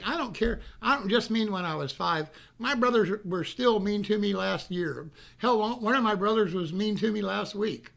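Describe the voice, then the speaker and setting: A man's voice: high voice, creaky, a bit bright. A man telling a rambling, folksy childhood story, often repeating himself. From North Carolina. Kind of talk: casual storytelling.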